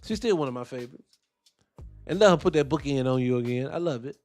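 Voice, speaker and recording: A man with a medium-pitched voice talks at a quick pace over soft background music. Hosting a wrestling podcast, he gives blunt, profane opinions in casual commentary, staying animated and answering his chat directly.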